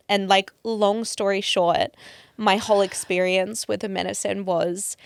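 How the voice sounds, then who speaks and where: Aussie woman on a podcast, gravelly but smooth, dry close sound, emotional chatty storyteller. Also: medium pitch, flat delivery, unhurried, no echo. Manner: open, emotional storytelling with many fillers. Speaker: podcast guest. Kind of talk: casual chat.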